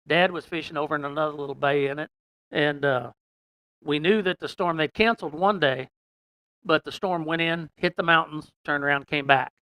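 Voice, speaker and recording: A man telling a long fishing story in a casual, folksy way, rambling with many "and, uh" pauses. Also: a little high, bright, forceful tone, smooth, no room sound. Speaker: podcast guest telling a story.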